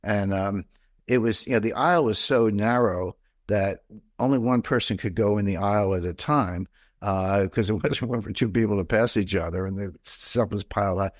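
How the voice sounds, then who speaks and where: A man's voice: on the low side, normal speed, dry recording, studio quality. A middle-aged man from the mid-Atlantic United States, talking as an interview guest in a rambling, digressive way with many fillers and restarts. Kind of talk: conversational interview.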